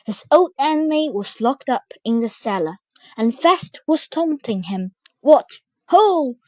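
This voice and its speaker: Woman, storybook narrator, higher voice, lively, slow, dry close sound. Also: no echo. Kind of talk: children's storybook reading.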